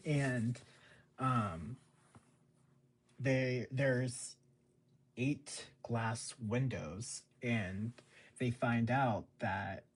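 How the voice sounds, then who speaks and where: A man's voice: mid-range voice, slightly rough. A man casually recapping a TV episode, rambling with lots of fillers. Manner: rambling, filler-heavy, chuckles often. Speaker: show recap host.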